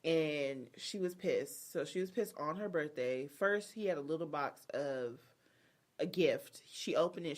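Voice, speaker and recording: Animated woman dishing gossip. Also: low-pitched, unhurried. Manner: animated storytelling, acting out people's lines. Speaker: podcast co-host. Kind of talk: casual gossip chat.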